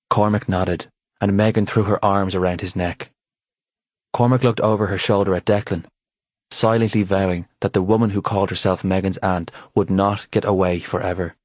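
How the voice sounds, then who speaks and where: Deep-voiced man narrating an audiobook. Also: steady tone, moderate pace, darkish tone, no echo. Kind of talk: scripted narration.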